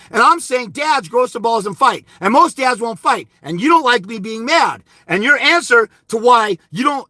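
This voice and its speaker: Angry shouting man with a bright voice. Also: high voice, no echo. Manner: angry, insulting, shouting bursts. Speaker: livestream host answering viewer comments. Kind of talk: angry livestream rant.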